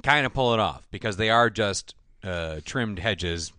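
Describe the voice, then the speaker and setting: Man, casual podcast chat, blunt and profane, animated intonation, dry mic. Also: lowish voice, measured pace, no echo. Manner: blunt, swears freely, animated opinions. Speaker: podcast co-host.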